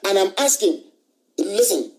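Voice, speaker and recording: A man's voice: high voice, lively intonation, measured pace, rough recording. A middle-aged man giving an impassioned live radio monologue, hammering his points with repeated rhetorical questions and declarations. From Nigeria. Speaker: broadcaster.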